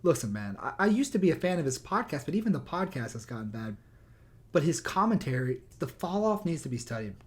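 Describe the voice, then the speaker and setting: A man's voice: on the high side, big pitch swings, a little fast. A young man on his own microphone, ranting in a heated, sarcastic way with lots of swearing. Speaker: YouTuber. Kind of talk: profane rant. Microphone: new microphone.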